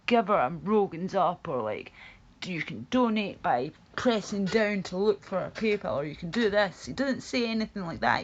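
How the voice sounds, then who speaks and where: A woman's voice: fairly low pitch, muffled recording. A woman live-streaming, rambling through casual chat, reacting to her viewers, laughing often and swearing freely.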